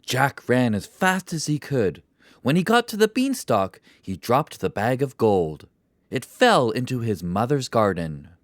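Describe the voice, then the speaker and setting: A narrator reading a children's story for English learners in a slow, deliberate and expressive way. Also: medium pitch, no echo, studio quality.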